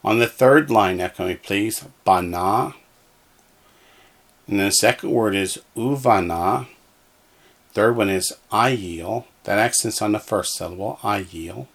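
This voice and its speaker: A man leads a language lesson, saying each word slowly and deliberately, with a gravelly edge to his voice. His pitch sits a little low, and he patiently repeats every word for his listeners to echo back. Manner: patient, reads each word twice for echoing. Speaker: Hebrew teacher.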